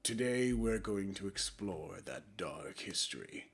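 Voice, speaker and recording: A man doing a deep American trailer narrator. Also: expressive, slightly rough, exaggerated voice. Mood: ominous. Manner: slow, low and overly dramatic. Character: brooding adult male movie-trailer narrator.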